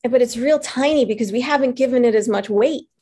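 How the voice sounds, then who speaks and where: A woman life coach giving a motivational talk, earnest and animated as she tells stories. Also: fairly high pitch, fast, slightly rough.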